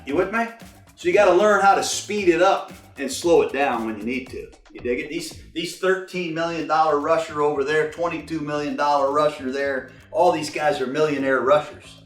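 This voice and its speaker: A football coach in his sixties runs a quarterback session in a film room, animated and profane, barking snap counts and cadences like a drill sergeant. His fairly high voice moves at a moderate pace. The mic sits far away in an echoey room, with faint music.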